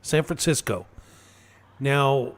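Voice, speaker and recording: A man co-hosting a casual political talk radio show, talking in a halting way with fillers and restarts. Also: mid-range voice, lively intonation. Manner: halting, lots of fillers and restarts, laughs at own stories. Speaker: radio co-host.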